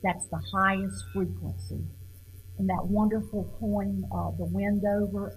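A middle-aged woman giving an informal lecture on poetry, halting and repeating words as she questions her audience. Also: mid-range voice, gravelly, low-quality recording.

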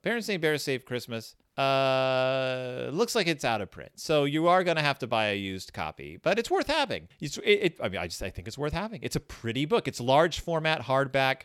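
Chatty man with a lively voice. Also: medium pitch, clean tone, dry recording, studio quality. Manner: chatty, rambling, many fillers and restarts. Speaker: podcast host reviewing children's books. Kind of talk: casual chat.

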